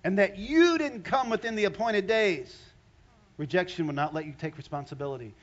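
A man's voice: high voice, fairly quick, lo-fi sound. An older man preaching a sermon in a conversational way, often rising into emphatic bursts. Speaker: pastor.

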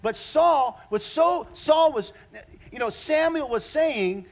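A man preaching a sermon as a pastor, animated, swinging between loud exclamations and hushed asides. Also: very high-pitched, slow pace, highs cut off.

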